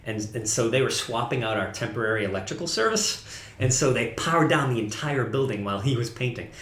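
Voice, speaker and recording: A man's voice: mid-range voice, lively intonation, brisk, fairly bright tone, reverberant. A man preaching a casual, conversational sermon as pastor, often correcting himself and laughing at his own slips.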